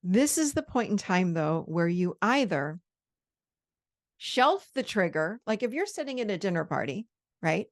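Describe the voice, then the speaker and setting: Gravelly-voiced woman in her fifties, coaching. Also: medium pitch. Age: 50s. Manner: calm, slowing down to model soothing self-talk; conversational, with quoted inner dialogue. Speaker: host. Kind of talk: coaching talk on managing triggers.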